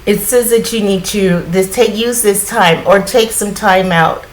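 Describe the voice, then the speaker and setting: A woman giving a casual spiritual card reading in a groggy morning voice, often clearing her throat and rambling reassuringly with lots of fillers. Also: medium pitch, a little slow, a little hiss or hum, poor audio. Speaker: tarot card reader.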